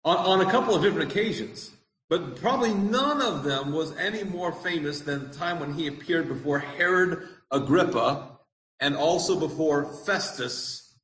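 A man's voice: on the high side, normal speed, a bit bright, roomy sound, low-quality recording. A man preaching a sermon, earnest, putting questions to the congregation. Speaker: pastor.

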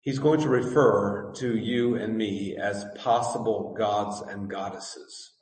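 A male pastor delivers a sermon in a large sanctuary, his voice ringing with long reverb as though caught by a microphone well across the room. He reads scripture with rising fervor and then slows into an earnest, deliberate teaching tone, circling back over his own words for emphasis. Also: fairly low pitch, fairly even intonation, darkish tone. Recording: echoey hall, distant mic.

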